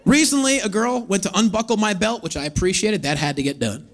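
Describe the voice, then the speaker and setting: A man in his thirties doing a stand-up comedy set on stage, telling stories with animated delivery and acting out other people's voices. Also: high-pitched, brisk, some chatter behind. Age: 30s. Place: comedy stage before a live audience.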